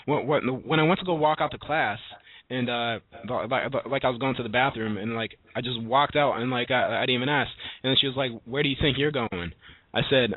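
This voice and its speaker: A young man on a panel discussion, telling stories in a halting way with many restarts and fillers. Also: mid-range voice. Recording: tinny phone-like audio.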